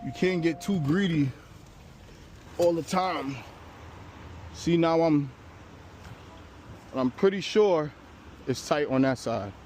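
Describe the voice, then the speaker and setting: Towing a car for his channel, this host narrates the job for viewers in an easygoing way, with the occasional swear word. He speaks slowly at a fairly high pitch, pausing often and breathing hard. The setting shifts between a street and the cab of a pickup, with faint traffic and vehicle sounds in the background.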